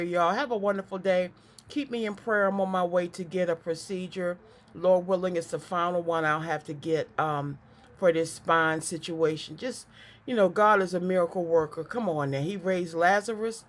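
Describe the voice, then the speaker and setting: This woman reads psychic cards to camera in a fairly low voice. She's chatty and animated, repeats words often, and tends to slip into preaching.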